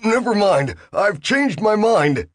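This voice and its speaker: Jumpy young hero with a shrill, pleading voice, put on by a man; dry recording. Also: lively intonation, takes it slowly, no echo, heavily acted. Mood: anxious. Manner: high, anxious, pleading.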